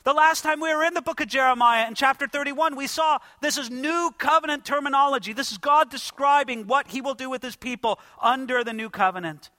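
Male pastor, high voice, dry close sound, emphatic sermon delivery with direct address. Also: a little fast, few pauses, bright, forceful tone, no echo. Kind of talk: expository sermon.

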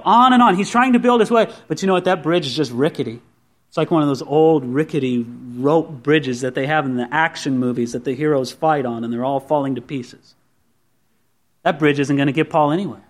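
A man preaching a sermon as pastor, telling the story with lively acted-out voices and asking the listeners direct questions. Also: on the high side.

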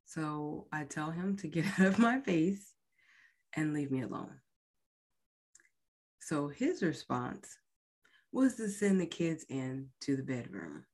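Woman in her thirties, low voice, slow and halting storytelling that drops to near-whispers. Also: expressive, a little mellow. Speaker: podcast host. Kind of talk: personal storytelling.

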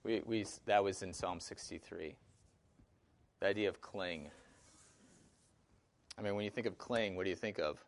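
A man's voice: low voice, moderate pace, long pauses. A man with a Wisconsin accent teaching a Bible study class, speaking conversationally with fillers and questions to the group.

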